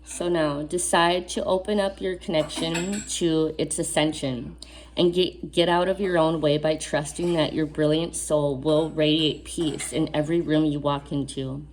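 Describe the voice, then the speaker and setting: Slow, low-voiced woman reading oracle cards. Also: steady tone, darkish tone, slight background noise. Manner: reads card text aloud, then adds earnest casual asides; emphatic, repeats key phrases. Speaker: oracle card reader. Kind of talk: spiritual card reading to camera.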